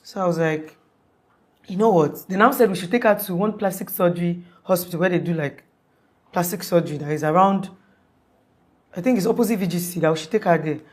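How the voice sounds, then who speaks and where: A young woman recounting a harrowing night as a witness, her voice sitting a little low. She rambles, breaks off and restarts, and slips into the voices of the people she quotes. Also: fairly quick, a little mellow. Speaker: witness telling her story. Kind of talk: emotional storytelling in an interview.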